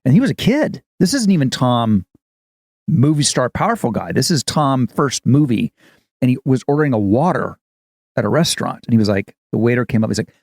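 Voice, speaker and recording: A man in his fifties, an actor co-hosting a podcast, chatting casually as an animated storyteller. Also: mid-range voice, a little fast, vocal fry, no room sound, clean studio sound. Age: 50s. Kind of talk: casual chat.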